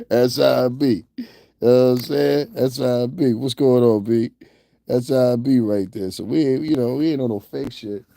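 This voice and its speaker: A man's voice: mid-range voice, normal speed, gravelly, mellow, no room sound, studio quality. A man hosting a livestream, talking crudely and casually to his chat, roasting viewers and laughing often. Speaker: livestream host. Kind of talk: casual profane commentary to chat.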